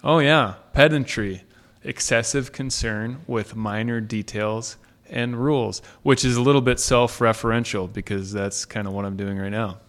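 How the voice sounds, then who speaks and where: A man's voice: medium pitch, fairly even intonation, normal speed, a bit bright. A man hosting a casual conversation, curious and self-deprecating, asking his guest questions.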